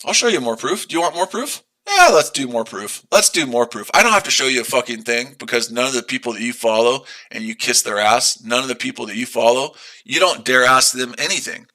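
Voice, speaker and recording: A man with a very bright, piercing voice argues at his live-stream chat. He is combative and profane, hammering the same rhetorical questions again and again. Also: mid-range voice, lively intonation, fairly quick, few pauses. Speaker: day trader streaming live.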